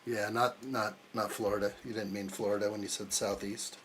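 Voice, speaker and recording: A man's voice: on the low side, flat delivery, normal speed, a bit bright, a little hiss or hum. A man hosting a live building stream, chatting casually and teasing his viewers while he reads their comments. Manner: joking, teasing banter while reading chat aloud. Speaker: live stream host building a model kit.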